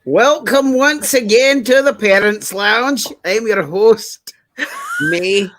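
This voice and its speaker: A man's voice: sits high, slow pace, a bit bright, a little hiss or hum. A man hosting in an overdone, put-on Scottish accent as a comic bit. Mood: hammy. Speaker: host.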